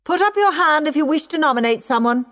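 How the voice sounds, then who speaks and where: A woman's voice: high voice, expressive, fast, fairly bright tone, pitched above the performer's own voice. A woman reading a storybook, voicing a stern and strict woman schoolteacher with a cold, bossy manner.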